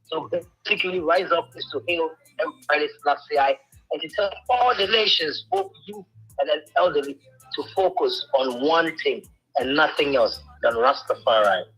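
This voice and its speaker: A man, a reggae artist, talking about his music in a radio interview, animated and storytelling. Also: fairly high pitch, normal speed, husky, poor audio. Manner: animated storytelling, mimics others' voices.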